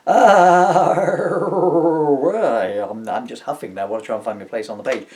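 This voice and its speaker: A man's voice: medium pitch, a little slow, a little mellow. An older man reading his own comic spoof story aloud, rambling and poking fun at himself as he loses his place. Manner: rambling, self-mocking, chuckles at his own jokes. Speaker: audiobook reader.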